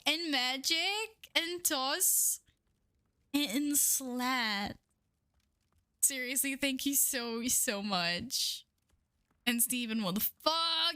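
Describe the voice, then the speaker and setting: A young woman streaming live, chatting excitedly with her viewers, swearing and laughing often. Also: high-pitched, no echo, clean studio sound. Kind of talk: casual live-stream chat.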